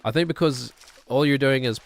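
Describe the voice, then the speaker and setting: A middle-aged man with a New Zealand accent talks loosely on his game stream. His voice sits at an ordinary middle pitch. He rambles, restarts his sentences and chuckles between his thoughts. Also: a little fast, creaky. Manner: rambling, self-correcting, chuckling. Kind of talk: casual chat while gaming.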